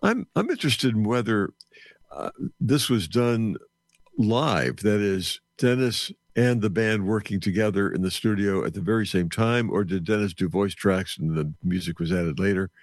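A man's voice: on the low side, lively intonation, normal speed, no echo. A male radio host introducing a recording and asking questions, hesitating with frequent fillers. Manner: hesitant, lots of uh. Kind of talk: casual interview.

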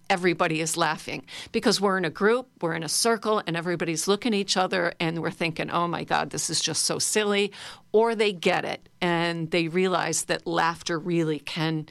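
Woman instructor, middle-aged, slightly low voice, playful guided-class delivery, close and dry. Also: gravelly, a bit bright, dry recording. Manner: playful, leads exercises with chants and fake laughs. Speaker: laughter yoga instructor.

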